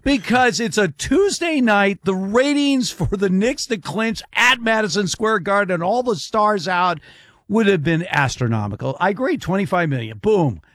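A middle-aged man co-hosting a sports talk show, emphatic and rapid-fire, repeating his points. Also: sits high, expressive, a bit bright, no room sound, clean studio sound.

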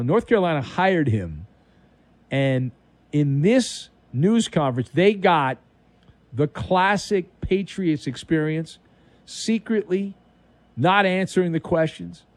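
A man's voice: fairly high pitch, a little mellow, dry recording. A man hosting an overnight sports talk radio show, delivering a wisecracking monologue with dramatic emphasis.

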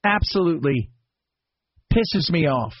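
Husky-voiced sarcastic American talk radio host. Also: male voice, fairly high pitch, expressive, a little slow, no echo, lo-fi sound. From United States. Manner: sarcastic, exasperated, rhetorical questions. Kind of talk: opinionated talk radio monologue.

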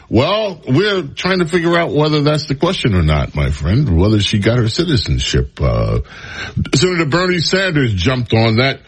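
A man's voice: mid-range voice, huge pitch swings, normal speed, breathy edge. A man hosting a talk radio show, giving sarcastic, opinionated commentary on the news with frequent sighs and laughs.

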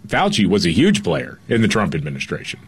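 A male co-host on a talk show, sarcastic and quick to laugh. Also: low-pitched, huge pitch swings, husky. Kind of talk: casual political talk show.

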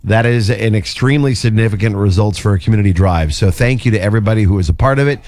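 A man hosting a morning radio segment, reading listener shout-outs and community plugs in an announcer's manner. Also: fairly low pitch, fast. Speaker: radio show host. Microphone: studio microphone.

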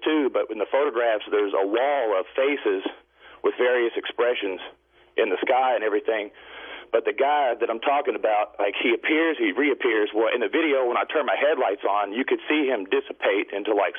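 A man phoning into a radio talk show, telling a long story in a rambling, halting way full of fillers. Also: mid-range voice, husky. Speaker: caller. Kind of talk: call-in storytelling. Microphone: telephone. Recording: tinny phone line.

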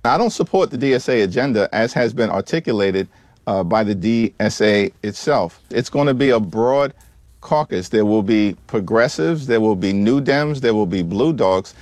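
A man's voice: on the low side, lively intonation, moderate pace, a little mellow, no echo. A man politician answering an interview question with firm, repeated declarations.

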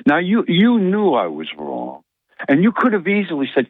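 A man's voice: on the high side, huge pitch swings, moderate pace, husky, no echo. Teasing male caller over a phone line. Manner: chatty and teasing. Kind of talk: casual chat. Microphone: telephone. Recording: dry tinny phone line.

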